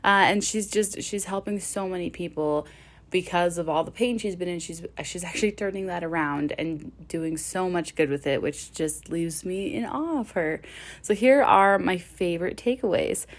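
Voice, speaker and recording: A woman podcast host with a lowish voice, speaking alone to her listeners. She sounds enthusiastic and heartfelt, counting through points with clear emphasis. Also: moderate pace. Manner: warm-hearted, enthusiastic, listing takeaways. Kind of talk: solo podcast outro.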